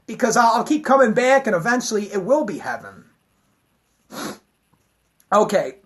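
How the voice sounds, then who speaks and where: A woman's voice: mid-range voice, very animated, normal speed, pauses often. A woman giving a heated, profane, rambling rant to her camera. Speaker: vlogger.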